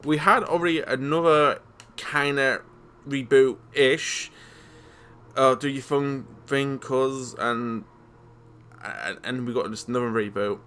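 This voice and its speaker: A man ranting casually about horror movies, stammering and swearing, exasperated. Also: medium pitch.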